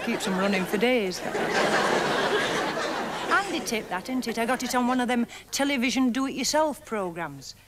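Lady comic, highish voice, gossipy deadpan gags, old telly recording w crowd laughing n hiss. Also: unhurried, long pauses. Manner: chatty gossipy deadpan one-liners, laughing at own jokes. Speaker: stand-up comedian. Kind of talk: stand-up routine. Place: TV studio stage before live audience. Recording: archive TV recording with audience laughter.

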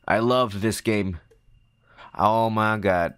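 Low-ish voiced gamer guy, bright and punchy, yelling at the game as he plays. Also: takes it slowly, smooth, dry recording, clean studio sound. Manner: excitable, shouts at the game, talks to himself. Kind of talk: let's-play commentary.

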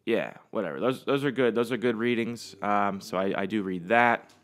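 A man's voice: on the low side, moderate pace, a bit bright. A man hosting his own podcast, chatting alone in a loose, rambling way with plenty of swearing. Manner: rambling, profane, easygoing. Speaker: podcast host. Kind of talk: casual solo chat.

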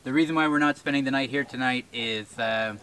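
A man's voice: mid-range voice, brisk, sharp tone, a little hiss or hum. Easygoing guy talking to the camera out in the woods, lots of ums and little laughs. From rural New Brunswick, Canada. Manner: easygoing, rambling, frequent fillers and chuckles. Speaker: bushcraft channel host. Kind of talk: casual chat to camera. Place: outdoors in the woods. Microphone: camera-mounted shotgun mic.

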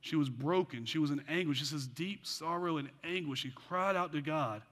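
A man preaching a sermon as pastor, animated with joking asides, then dropping into quiet earnest passages. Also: fairly high pitch, moderate pace. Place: church sanctuary. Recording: long church hall reverb.

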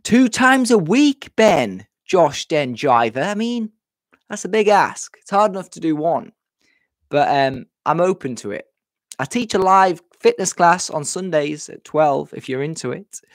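A man's voice: fairly high pitch, expressive, a little slow, dry recording, studio quality. A man hosting a casual live stream from home, chatty and self-deprecating, a bit out of breath and often repeating himself. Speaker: livestream host. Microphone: webcam setup.

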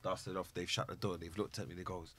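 A man's voice: deep voice, fairly quick, slight background noise. A young man telling a barbershop story in casual podcast chat, acting out the voices in street slang. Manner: animated, acts out quoted voices in street slang. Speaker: podcast co-host.

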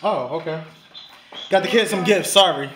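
Laid-back man vlogging over loud noise. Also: high-pitched, normal speed. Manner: laid-back, addresses viewers as y'all, repeats fillers. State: out of breath. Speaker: family vlogger. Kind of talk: casual vlog to camera. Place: out and about while shopping, then at home. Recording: loud background noise, traffic.

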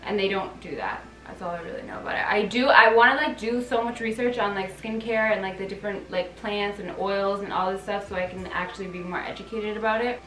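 Young woman yakking away, like like like, kinda far from the mic in a roomy echoey space, soft music under it. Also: mid-range voice, brisk, hardly any pauses. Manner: chatty, fillers of "like". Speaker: vlog host giving a facial. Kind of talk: casual chat.

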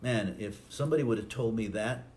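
Low-voiced male pastor preaching. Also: brisk, a little mellow, a little hiss or hum. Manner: preaching, acts out quotes with rising voice. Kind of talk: sermon.

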